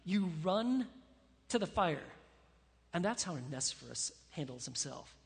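A man pastor preaching a sermon with animated, emphatic delivery, acting out the words of the people in his story. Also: sits high, a little slow, creaky, long reverb tail.

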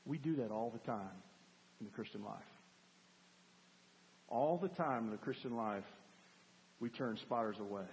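A man preaching a sermon as a pastor, animated, acting out cries for help to make his point. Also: medium pitch, normal speed, pauses often, slight background noise. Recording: long hall reverb.

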